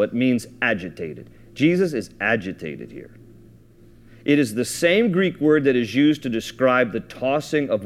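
A man preaching a sermon, reading scripture aloud and explaining it in a casual, thinking-aloud way with frequent restarts. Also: medium pitch. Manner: reads scripture aloud, then explains it conversationally; repeats and restarts words while thinking aloud. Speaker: pastor.

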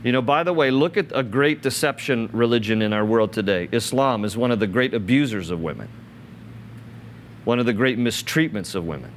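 A man delivers a sermon in an earnest, conversational manner. He reads scripture aloud and then stops to explain it in his own words, with a voice of ordinary pitch for a man. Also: animated, a little fast, slight background noise. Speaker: pastor.

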